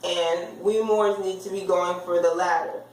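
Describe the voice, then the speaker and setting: A woman's voice: on the low side, fairly even intonation, darkish tone. Female teacher, explanatory lecture delivery, recorded far off in a roomy space. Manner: explanatory, sounds words out slowly.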